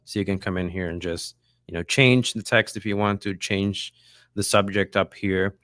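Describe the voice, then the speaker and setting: A man co-hosting a tech show, steadily explaining a software tool step by step with the odd "uh, you know". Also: sits low, fairly even intonation, moderate pace, dry recording, studio quality. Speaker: co-host. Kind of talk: software walkthrough.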